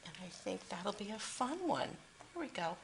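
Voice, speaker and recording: A woman's voice: medium pitch, very animated, moderate pace, gravelly, a little hiss or hum. A woman demonstrating a papercraft project at her craft table, chatting and thinking aloud with fillers as she works. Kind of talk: casual craft tutorial.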